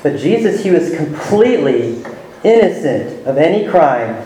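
A man's voice: sits high, big pitch swings, measured pace, dark tone. A man preaching a sermon, teaching verse by verse and stressing key words with rising emphasis. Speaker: pastor. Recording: very echoey room with faint ambience.

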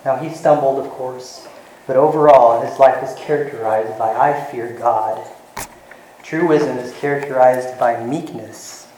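A man's voice: mid-range voice, unhurried, roomy sound, a little hiss or hum, rough recording. A man preaching a sermon in an earnest teaching manner, walking listeners through scripture. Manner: earnest, retells scenes with lively voices.

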